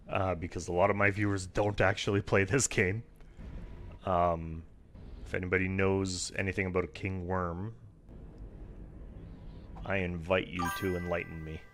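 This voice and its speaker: A man's voice: low voice, little pitch movement, a little slow, long pauses, a bit bright, a little hiss or hum. A man giving casual, chatty gameplay commentary, self-deprecating and swearing now and then. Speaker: streamer.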